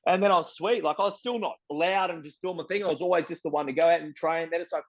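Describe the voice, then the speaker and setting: A young Australian man telling his story as an interviewee, blunt and profane, full of street slang and animated retellings. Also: a little high, a little fast, few pauses, muffled recording. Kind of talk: casual storytelling.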